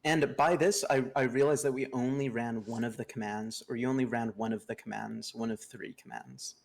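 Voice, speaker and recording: Casual stream guest, a man with a gravelly edge, walks through steps patiently. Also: medium pitch, steady tone, normal speed. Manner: patient step-by-step instructions. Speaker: guest teaching neovim. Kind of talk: casual livestream tutorial.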